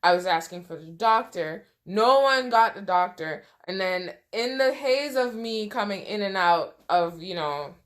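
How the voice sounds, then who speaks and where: A woman's voice: mid-range voice, lively intonation, a little slow, hardly any pauses. A woman in a casual storytime vlog, talking conversationally with many "you know" asides and sounding emotional, close to tears at times. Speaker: vlogger.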